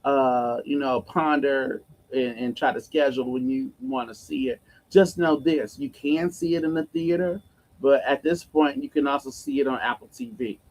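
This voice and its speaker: A man's voice: medium pitch, moderate pace, a little mellow, low-quality recording. A man co-hosting a live talk show, opinionated and playful, teasing his co-host in casual chat. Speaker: co-host, executive producer.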